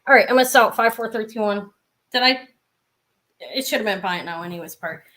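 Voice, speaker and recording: A woman's voice: medium pitch, expressive, fairly quick, bright, forceful tone. A middle-aged woman chatting casually as she sells jewelry in a live-stream auction, rambling with asides.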